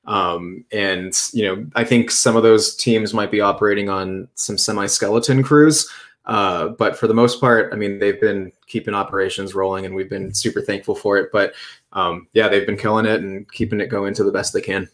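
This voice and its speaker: A man hosting a casual podcast, relaxed, answering viewer questions with plenty of fillers. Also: lowish voice, normal speed. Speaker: podcast host. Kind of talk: casual chat.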